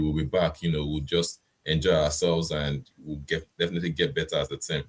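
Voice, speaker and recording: Deep-voiced guy hosting a gaming podcast, measured, lots of "you know". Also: level tone, slightly rough. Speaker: podcast host. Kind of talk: casual podcast chat.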